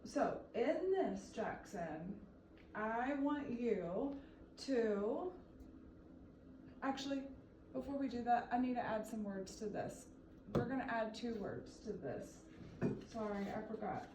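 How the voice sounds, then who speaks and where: A woman's voice: a little high, slow, a little mellow, slight background noise. A woman tutoring a child one-on-one in reading, patient and encouraging, coaxing answers out of him. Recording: echoey room, mic at a distance.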